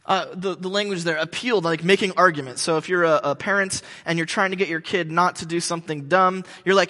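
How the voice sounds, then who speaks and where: A pastor preaching a sermon in a conversational way, with joking asides. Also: male voice, sits high, a little fast, sharp tone, long reverb tail.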